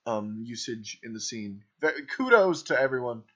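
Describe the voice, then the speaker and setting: Medium-pitched and a bit bright, his expressive voice moves at a moderate pace. An improv coach, he comments casually over a video of his troupe, wandering off track with plenty of ums and "right?", recorded in dull lo-fi quality.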